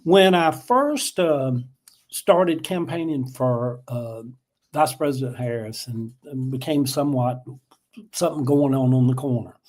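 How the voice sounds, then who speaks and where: A man's voice: medium pitch, measured pace, darkish tone. An older man hosting a casual live chat, telling stories in a folksy, emotional way. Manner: folksy and emotional, addresses viewers as y'all. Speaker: livestream host.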